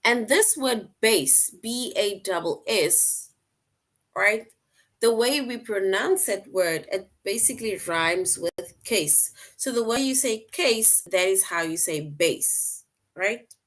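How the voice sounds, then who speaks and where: A woman teacher explaining a lesson slowly, repeating points and checking in with "right?" often. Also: medium pitch, expressive, fairly bright tone. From outside the US. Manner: slow, repetitive explaining, frequent "right?" check-ins. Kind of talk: online class lesson.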